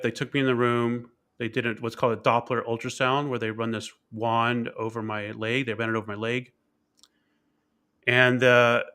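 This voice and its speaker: A man's voice: medium pitch, sharp tone. A man, a keynote speaker and author, telling a personal story in an interview in a candid, reflective way, often repeating words and using fillers.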